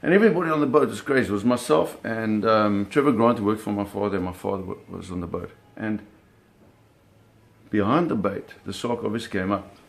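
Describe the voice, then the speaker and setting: A man telling a personal story in an animated, vivid way, often restarting his phrases. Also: lowish voice, brisk, gravelly.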